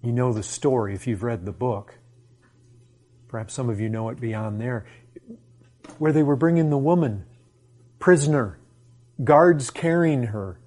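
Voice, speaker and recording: A male preacher delivering an impassioned sermon. He presses his listeners with one rhetorical question after another, swinging between hushed, slow lines and loud, quick bursts. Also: mid-range voice.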